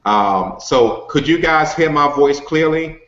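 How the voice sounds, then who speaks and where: A man's voice: on the high side, expressive, slow, fairly bright tone, reverberant. Brief: a man as an upbeat network-marketing coach, folksy and chatty, dull lo-fi call audio. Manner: folksy and upbeat, many "you know" and "okay" fillers. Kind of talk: casual motivational group call. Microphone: video call.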